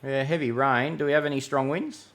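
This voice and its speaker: A man's voice: medium pitch, steady tone, a little fast, a bit bright. A man with an Australian accent hosting a live weather Q&A, talking casually and easily, calling people mate and thinking aloud with fillers. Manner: laid-back, chatty, calls people mate, many fillers. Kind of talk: casual live-stream chat.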